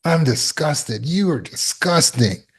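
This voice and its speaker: Guy putting on a nasty inner critic voice, pitched way up, sneering and disgusted, hurling insults. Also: expressive, slow, a bit bright, a little hiss or hum, full character voice.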